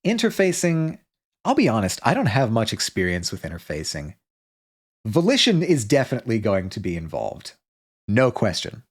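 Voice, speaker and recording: A male streamer thinking aloud in casual chat, rambling and restarting his sentences. His voice sits a bit low. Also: wildly swooping pitch, normal speed, breathy edge. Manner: rambling, self-interrupting, many restarts and fillers.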